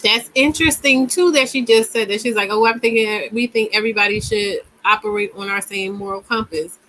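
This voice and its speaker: A woman's voice: mid-range voice, fairly even intonation, a little fast, pushed and bright, poor audio. A woman hosting a casual commentary, reacting to a clip and reading comments aloud, emphatic and given to repeating words mid-thought.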